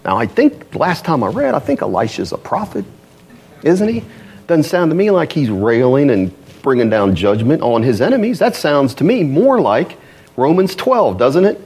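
A man preaching a sermon as pastor, animated, asking rhetorical questions and acting out quoted voices. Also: fairly high pitch, moderate pace, slightly rough.

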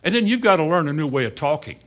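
Very animated and fast, a man on the high side preaches to a congregation, asking rhetorical questions with dry, sarcastic humor. He moves back and forth between quiet asides and rising emphasis.

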